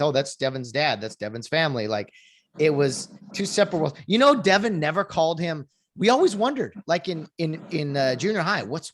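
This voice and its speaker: A man's voice: a little high, slight background noise. A young man hosting a casual podcast interview, chatty and laughing often. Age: young adult. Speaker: podcast host.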